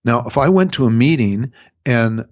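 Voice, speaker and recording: Guy on a radio show explaining stuff, speeds up and slows down, dry kinda dull audio. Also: medium pitch, no room sound. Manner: animated, speeds up and slows down to make a point. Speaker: relationship coach, radio guest. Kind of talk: casual explanatory interview talk.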